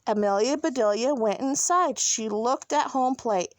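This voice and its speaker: A woman reading a children's picture book aloud in an expressive, animated way. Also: fairly high pitch, measured pace, no room sound. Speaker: storybook reader.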